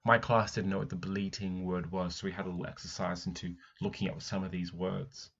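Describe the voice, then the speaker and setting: A man's voice: sits low, little pitch movement, brisk, fairly bright tone, lo-fi sound. A male primary teacher, reading a picture book aloud and stopping to explain it. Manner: reads passages aloud, then breaks off to explain. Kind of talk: read-aloud book analysis.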